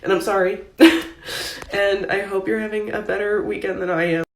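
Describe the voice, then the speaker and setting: A young woman crying while she speaks haltingly and apologetically about loneliness. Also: mid-range voice, fairly even intonation. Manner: halting, filler-heavy, apologetic. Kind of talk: confessional vlog. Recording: echoey room.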